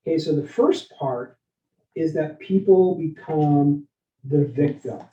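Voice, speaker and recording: Energetic man quizzing his audience. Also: a little high, takes it slowly. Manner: energetic, asks the audience questions, says "right?" often. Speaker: leadership speaker. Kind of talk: interactive workshop talk. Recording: roomy, dull lo-fi sound.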